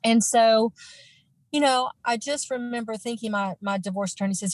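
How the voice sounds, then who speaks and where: A woman's voice: a little high, steady tone, normal speed, dry recording, poor audio. An earnest woman in her forties tells her own life story as an interview guest, stopping and restarting often. She turns firm and emphatic when she repeats what she once said. The sound is dry and close. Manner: earnest, many fillers and restarts. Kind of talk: emotional personal storytelling.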